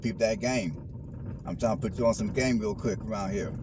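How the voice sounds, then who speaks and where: A man's voice: lowish voice, normal speed. A man vlogging from his car, giving preachy advice in casual slang and repeating his points. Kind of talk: casual talk while driving. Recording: car noise behind.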